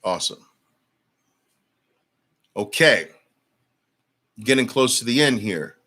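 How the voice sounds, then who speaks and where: A man's voice: mid-range voice, animated, takes it slowly, bright, forceful tone. A man coaching traders in a live-streamed lesson, blunt and emphatic, repeating words for force and answering viewer comments. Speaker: trading coach.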